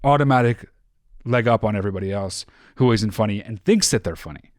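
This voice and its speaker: A man's voice: fairly low pitch, fairly quick, no echo. Swearing emphatic man, dry sound. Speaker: podcast co-host giving advice. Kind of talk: casual comedic chat.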